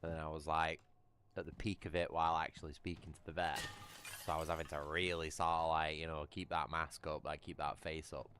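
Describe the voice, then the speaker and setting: A man's voice: a bass voice, little pitch movement, a little fast, fairly bright tone, slight background noise. A British man casually chatting on a gaming livestream, rambling and swearing as he tells a story. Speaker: livestream gamer. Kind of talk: casual chat while gaming.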